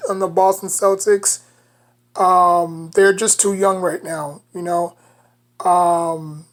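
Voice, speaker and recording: A woman with a New York accent giving casual basketball commentary as a sports vlogger, rambling and leaning on "you know" between thoughts. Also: mid-range voice.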